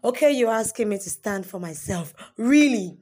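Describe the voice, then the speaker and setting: A young woman performing spoken word poetry, dramatic, swinging between raised pleading lines and hushed whispers. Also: mid-range voice, brisk.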